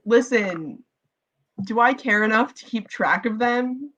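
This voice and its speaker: A woman's voice: a little high, unhurried, highs cut off. A young woman co-hosting a livestream, teasing and chatting casually about hockey. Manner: teasing, lively, animated. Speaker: podcast co-host.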